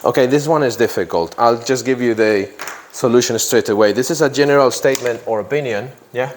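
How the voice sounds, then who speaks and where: A man's voice: mid-range voice, brisk, slight background noise. A man teaching an English grammar lesson to a class, who repeats key phrases and often checks in with "yeah?".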